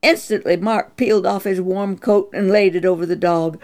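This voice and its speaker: A woman narrating a children's Bible story slowly and earnestly, her voice rising high in the tense moments. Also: steady tone, darkish tone.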